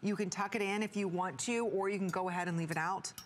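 A woman hosting a live shopping channel, pitching products in an upbeat, salesy way. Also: steady tone, fast, a little hiss or hum. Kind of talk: live TV selling.

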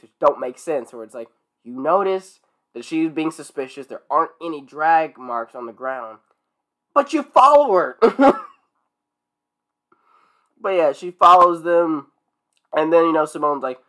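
A man's voice: on the high side, normal speed, a bit bright. A man co-hosting a podcast, recapping a cartoon film in a rambling, casual way and laughing often. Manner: rambling, laughs often, trails off mid-sentence. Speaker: podcast co-host.

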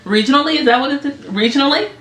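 A young woman vlogger chatting casually, often quick and halting as she restarts her sentences. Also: sits high, fairly bright tone. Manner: quick, halting, self-conscious talk. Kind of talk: casual chat. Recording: echoey room with faint music.

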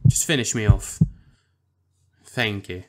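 A young man commentating his own football video game matches, swearing often and swinging from flat mutters to excited yelps and pleading. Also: on the low side, takes it slowly, very noisy. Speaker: gaming YouTuber. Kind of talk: reactive gameplay commentary. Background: music.

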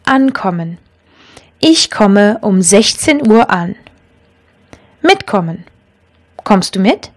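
A woman teaching a language lesson, explaining grammar rules patiently and clearly and reading out example sentences. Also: medium pitch, sing-song, slow, pauses often.

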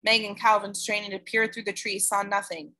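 A woman reading a novel aloud in a measured, clear storytelling manner. Her voice sits at a middle pitch and sounds bright. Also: level tone. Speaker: audiobook reader. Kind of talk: scripted narration.

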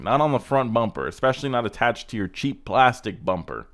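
A man's voice: mid-range voice, lively intonation, normal speed. A man hosting a casual reaction video, ranting sarcastically and swearing as he mocks car clips. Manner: sarcastic, ranting, profane roasting.

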